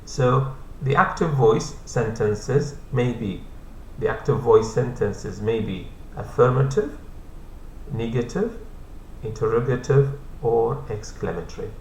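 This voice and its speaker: A man explains English grammar in a patient, repetitive classroom style, with Arabic as his first language. His voice sits at an ordinary middle pitch. He is recorded in an echoey room with a faint hum underneath. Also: a little mellow. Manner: repeats points slowly, patient.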